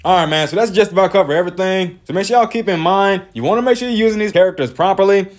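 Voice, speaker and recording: A man's voice: high voice, rapid-fire. A man giving casual game tips as a voice-over, talking with constant "man" fillers in an exasperated, lecturing way. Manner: animated, frequent "man", lecturing. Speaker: gaming YouTuber.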